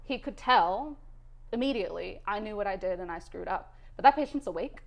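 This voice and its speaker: A woman in her thirties tells a hard work story with feeling, her voice sitting in a middle pitch. She talks candidly and with energy, like a guest opening up in a relaxed interview. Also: brisk, creaky. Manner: emotional, candid, animated storytelling. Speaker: guest, cath lab nurse.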